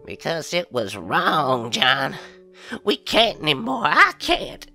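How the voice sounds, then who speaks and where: A man's voice: sits high, wildly swooping pitch, a little slow, vocal fry, sharp tone, faint music behind, voice pushed up, heavily acted. A man voicing a frail, forgetful old woman who wavers and drifts into distress in a horror story. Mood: distraught.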